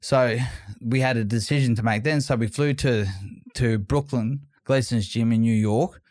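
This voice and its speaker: Rambling former boxer telling stories. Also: male voice, medium pitch, moderate pace, no echo. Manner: rambling, repeats words and restarts, animated retelling. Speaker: guest, former boxing world champion. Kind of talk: casual interview storytelling.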